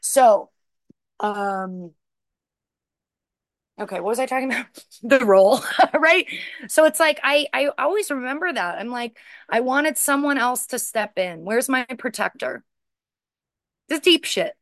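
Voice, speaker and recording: Woman sharing her recovery in a searching, emotional way, fairly high voice, dry recording. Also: animated, measured pace, pauses often, no echo. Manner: searching, repetitive, emotional, with many restarts. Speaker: recovery speaker. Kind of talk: personal share talk.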